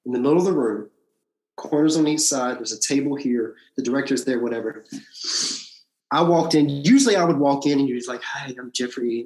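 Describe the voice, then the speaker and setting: Blunt, swearing man telling a story. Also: on the high side. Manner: blunt, swears freely, animated retelling. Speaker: actor, podcast guest. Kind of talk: casual storytelling interview. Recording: roomy echo.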